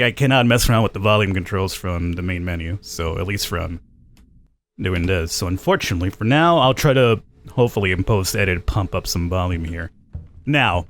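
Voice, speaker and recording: A man doing let's play commentary, casual and chatty. He thinks aloud as he plays and reads in-game notes out loud. His voice sits somewhat low. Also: a little hiss or hum. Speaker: gameplay commentator.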